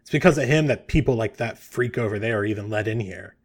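A man puts on a cranky old man, a former guard who shouts his accusations gruffly across the room. He sounds bitter and sure of himself in this tabletop game. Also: lowish voice, quick pace, lightly acted. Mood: scornful.

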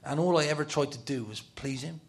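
A man's voice: on the high side, a little fast. A middle-aged man telling football stories in a casual talk, laughing often and dropping to a whisper for his inner thoughts. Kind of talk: casual storytelling on a talk show.

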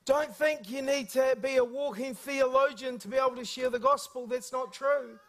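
A man preaches a sermon, telling humorous stories with lively, energetic delivery. His voice sits notably high for a man, and he talks like an animated storyteller in front of a congregation. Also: normal speed. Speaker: guest preacher.

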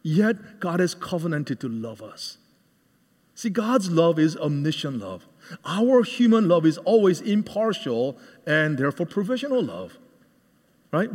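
Lively preacher man in a big hall. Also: fairly high pitch. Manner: animated, asks the congregation questions. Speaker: guest preacher. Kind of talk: sermon. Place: church hall. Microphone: cordless microphone. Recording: reverberant hall.

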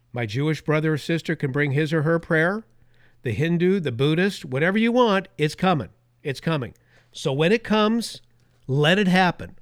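A man's voice: fairly high pitch, no echo, clean studio sound. A man hosting a talk radio show, delivering an opinionated monologue with emphatic repetition and sarcastic asides. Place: radio studio.

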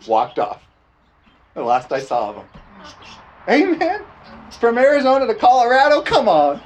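A man's voice: very high voice, huge pitch swings, normal speed, pauses often, muffled recording, slight background noise. A man preaching a storytelling sermon in a folksy, laughing way, often tossing "amen?" to the congregation.

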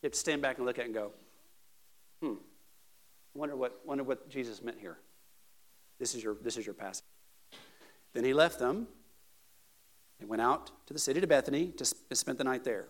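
A male pastor preaching a sermon, moving between casual asides and loud, emphatic peaks. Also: mid-range voice, quick pace, long pauses.

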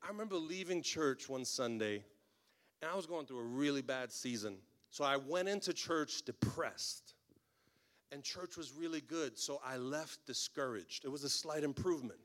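A man preaching a sermon as a pastor, telling stories in an animated way with humorous asides. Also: on the high side, moderate pace.

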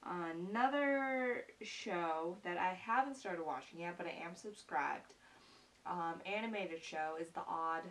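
A young woman vlogger chatting earnestly to her viewers, gushing with praise and filling pauses with ums and repeated words. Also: lowish voice, a bit bright. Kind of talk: casual chat to camera. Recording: distant mic with faint hiss.

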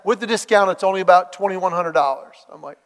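A man preaching a sermon, telling a story with lively acted-out dialogue. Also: sits high, fast, in a large hall. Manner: animated storytelling, acts out quoted dialogue.

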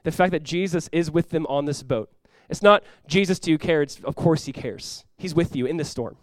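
A male pastor delivers a lively sermon, jumping into acted-out lines and loud exclamations. His voice sits a bit high for a man. The sound is dry and close, with no room echo. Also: normal speed. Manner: animated preaching, acting out dialogue with sudden loud outbursts.

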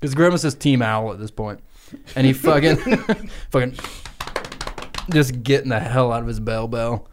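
A man co-hosting a podcast, telling an improvised comic story in a crude, energetic way and laughing as he goes. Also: mid-range voice, unhurried, noisy background. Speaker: podcast co-host.

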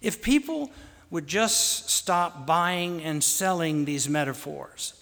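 A man telling fond, gently humorous family stories in a sermon. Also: fairly high pitch, expressive, slow, gravelly. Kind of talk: anecdotal storytelling sermon. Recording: long hall reverb.

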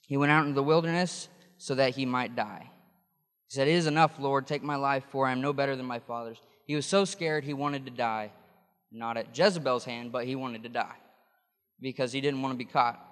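Male preacher, conversational sermon delivery, mid pitch, smooth and resonant voice. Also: fairly bright tone, long reverb tail. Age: adult. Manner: conversational, explanatory, with restarts.

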